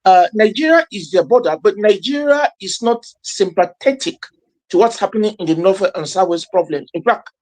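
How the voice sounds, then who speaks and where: A man, a professor, giving analytical commentary, halting with many fillers. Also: sits high, lively intonation, a little mellow. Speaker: professor, panel guest.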